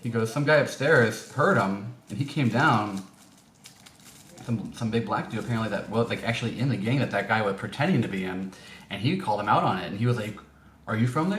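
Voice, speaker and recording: A man's voice: fairly low pitch, fairly bright tone. Rambling man in an echoey room. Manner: rambling, many fillers and restarts. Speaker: vlogger. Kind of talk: casual storytelling. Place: indoor room. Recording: echoey room, faint noise.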